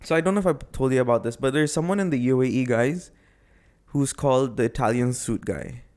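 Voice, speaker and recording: A man's voice: medium pitch, fairly quick, a little mellow. A man co-hosting a podcast, telling a story in a rambling, jokey way and correcting himself as he goes. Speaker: podcast co-host. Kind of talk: casual chat, storytelling.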